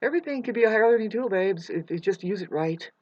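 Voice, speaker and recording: A woman's voice: medium pitch, lively intonation, fast, darkish tone, dry recording, dull audio. A woman rambling through a casual vlog monologue, drifting between topics, chanting wordless syllables and swearing now and then. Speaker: self-styled influencer. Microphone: webcam.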